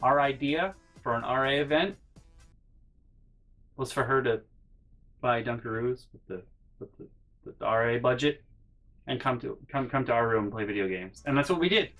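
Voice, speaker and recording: An animated young man tells stories straight to camera in a casual vlog, jumping into little voices and sound effects as he goes. His pitch sits right in the middle for a man, and faint music plays quietly beneath him. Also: moderate pace, pauses often. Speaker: vlogger telling college stories.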